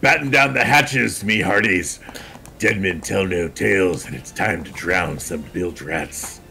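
A man doing a gruff, swaggering male pirate voice with a gravelly sound at a tabletop game. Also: low-pitched, unhurried, pushed and bright, slight background noise, full character voice.

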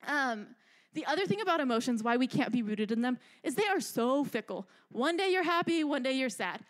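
A young adult woman delivers a youth sermon with a fairly high voice. She talks in an animated, chatty way and keeps checking in with her listeners. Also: fairly quick. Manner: animated, chatty, asks "right?" a lot. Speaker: youth speaker.

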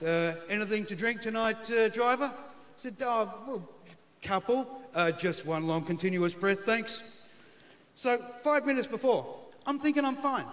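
A man's voice: high voice, fairly bright tone. A middle-aged Australian man telling a comic story on stage in a laconic, punchline-driven way, heard in a large live studio. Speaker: comedian. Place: large live television stage before an audience. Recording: long hall reverb, faint crowd noise.

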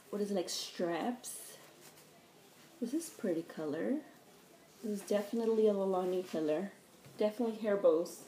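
A woman talks slowly through a craft unboxing, gushing and easily delighted. Her voice is mellow and unhurried. The room echoes around her. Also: medium pitch. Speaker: craft vlogger. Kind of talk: casual unboxing chat. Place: home room. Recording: echoey room, faint background noise.

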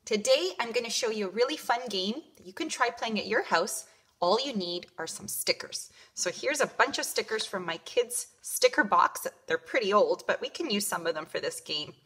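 A woman kindergarten teacher giving a home lesson to young children, sounding out words slowly. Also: mid-range voice, expressive, a bit bright, slightly rough. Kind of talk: home learning video lesson.

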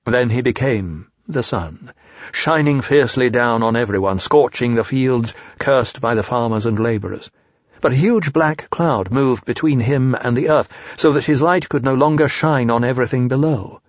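A man narrating an audiobook in a calm, measured storytelling manner. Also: medium pitch, dry recording, highs cut off. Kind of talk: scripted narration.

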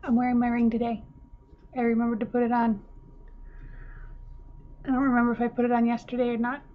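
A woman's voice: on the high side, completely flat delivery, a little fast. A woman chatting in a rambling, self-deprecating way while working on mixed media art. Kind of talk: rambling casual craft vlog. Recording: muffled lo-fi with faint room hiss.

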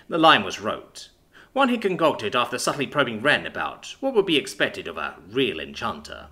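A man narrating a fantasy story in an expressive, dramatic reading. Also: medium pitch, fairly quick. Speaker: audiobook narrator. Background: faint background music.

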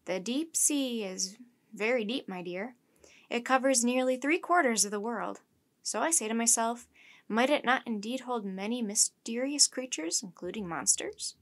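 A woman's voice: a little high, lively intonation, normal speed. A woman voicing an earnest, pompous older male professor who talks in a formal, lecturing way.

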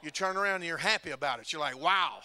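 A man's voice: a little high, racing, bright, forceful tone, no echo. A man preaching a testimony, telling folksy stories and laughing at himself. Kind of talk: testimony sermon. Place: church sanctuary.

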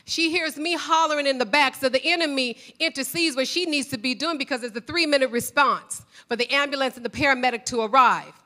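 Fervent high-voiced woman giving testimony. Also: brisk, few pauses. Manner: fervent, rising to loud praise. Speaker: church testimony speaker. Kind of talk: emotional church testimony.

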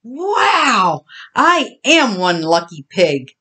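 A woman's voice: medium pitch, huge pitch swings, drawn-out words, bright, forceful tone, slightly rough, pitched above the performer's own voice, exaggerated voice. A woman voicing a small, timid young boy piglet who whines and hesitates, in a storybook reading. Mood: wary. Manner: whiny, hesitant.

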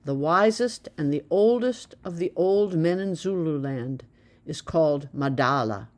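A woman voicing a proud old male village elder who speaks slowly and emphatically, tender yet commanding. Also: low voice, lively intonation, a little mellow. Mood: earnest. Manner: slow, emphatic, solemn.

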